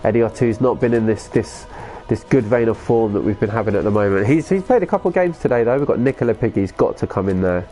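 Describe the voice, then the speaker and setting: A man, chatting casually as a live streamer, reacting excitedly and reading viewer comments aloud. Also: fairly low pitch, quick pace. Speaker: gaming streamer.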